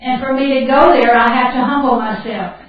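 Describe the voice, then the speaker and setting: An older woman with a fairly high voice gives a down-home teaching talk, chatty and quick to laugh at herself. She is heard from a distance in a very echoey hall, and the sound is dull and muffled. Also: steady tone, faint music behind. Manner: folksy, chatty, laughs at her own stories. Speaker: Bible camp speaker. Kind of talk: teaching talk mixed with personal stories.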